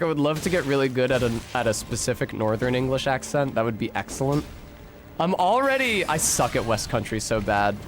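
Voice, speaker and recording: Young american dude streaming a game, rambly and sweary, regular mid-pitched voice. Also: male voice, a little hiss or hum. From United States. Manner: rambling, profane, chatty, answers chat while playing. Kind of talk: casual gameplay stream chat.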